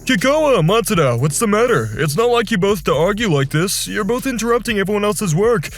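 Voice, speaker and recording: A strict office boss calling people out, really high voice for a man, cartoon drama. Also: big pitch swings, fairly quick, full character voice. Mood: stern. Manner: firm, scolding. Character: stern male office manager, firm.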